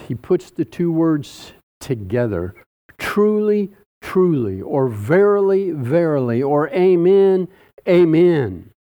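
A man preaching a sermon, teaching slowly and deliberately through a Bible passage with dramatic pauses. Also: on the high side, mellow.

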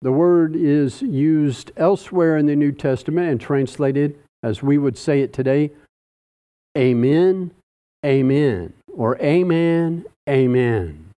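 A man preaching a sermon, teaching slowly and deliberately through a Bible passage with dramatic pauses. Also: fairly high pitch, warm tone.

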